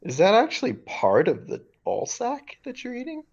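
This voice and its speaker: A man playing a hesitant male field reporter who talks in halting bits with many "uh"s. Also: high voice, huge pitch swings, gravelly, a little mellow, slightly rough, lo-fi sound, exaggerated voice. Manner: halting, full of "uh" and restarts.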